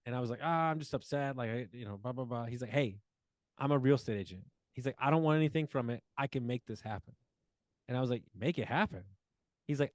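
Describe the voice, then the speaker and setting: A man's voice: medium pitch, dry recording. A man in his forties telling a long personal story as a podcast guest, acting out quoted dialogue with plenty of fillers. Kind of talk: casual storytelling interview.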